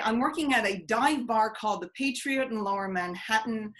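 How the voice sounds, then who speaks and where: A woman's voice: on the high side, normal speed, low-quality recording. A woman who teaches storytelling, telling a personal story in a conversational way with plenty of fillers, over a video call. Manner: lively, conversational, with many fillers.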